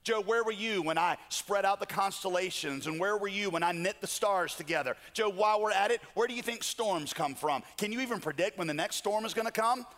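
A preacher playing God, firing off booming questions. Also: male voice, fairly quick, hardly any pauses, fairly bright tone. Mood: challenging. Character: God questioning a suffering man. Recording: long hall reverb.

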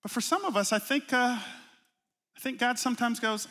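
A middle-aged man preaching in a high, ringing voice that carries a lot of edge and brightness. He talks through his sermon like a story, punching key words loudly, then dropping to hushed, low asides. The sound is a live recording with long reverb trailing off the walls of a large sanctuary. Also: moderate pace. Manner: conversational preaching with anecdotes, swings from loud emphasis to low asides. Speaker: pastor.

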